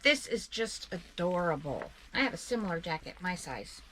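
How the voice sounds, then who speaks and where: Bright-voiced older Southern woman. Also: on the low side, very animated, moderate pace. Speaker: reseller co-host. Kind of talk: casual chat.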